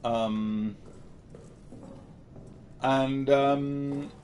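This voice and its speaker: A man's voice: medium pitch, fairly even intonation, very slow, darkish tone, slight background noise. A man from the United Kingdom chatting casually while streaming a horror game and reading viewer messages. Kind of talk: casual livestream commentary.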